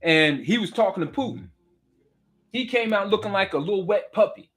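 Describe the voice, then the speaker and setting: A man's voice: high voice, lively intonation, moderate pace, a bit bright. A middle-aged man, delivering a heated political rant. He preaches with fire, repeats himself and throws direct questions at the listener. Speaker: political commentator.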